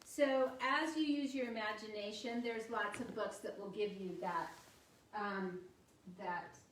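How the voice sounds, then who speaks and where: A woman's voice: medium pitch, measured pace, fairly bright tone, a little hiss or hum. An older woman giving an informal talk to parents about reading stories aloud, chatty and acting out short voiced examples. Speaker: parenting workshop presenter. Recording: echoey room, voice from a distance.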